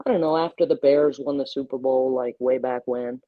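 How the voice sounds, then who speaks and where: Relaxed woman chatting over earbuds. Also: very deep voice, fairly quick, dry recording, narrow, tinny audio. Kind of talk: casual chat. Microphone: earbuds on a video call.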